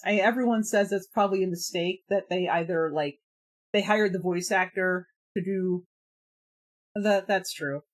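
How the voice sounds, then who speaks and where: A woman's voice: fairly low pitch, moderate pace. Giggly, rambling woman streamer. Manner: rambling, laughs often, many fillers. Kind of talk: casual live-stream chat.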